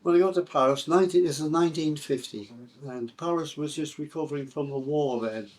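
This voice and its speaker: A man's voice: a little high, brisk, a little mellow. An older man with a Sunderland accent, recounting his life story in an interview, hesitant and full of fillers and restarts. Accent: Sunderland English. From England.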